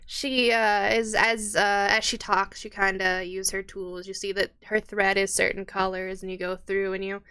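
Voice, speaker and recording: A woman's voice: medium pitch, little pitch movement, normal speed, few pauses, bright, forceful tone, smooth. A woman narrating a tabletop role-playing game as game master, in a casual way with many fillers.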